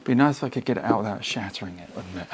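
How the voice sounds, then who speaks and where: A man's voice: fairly low pitch, racing, background noise. A man in his home garage, talking to himself and the camera in a casual, self-mocking way while he works. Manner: muttering to himself, wry and self-mocking, straining. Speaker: car restoration vlogger.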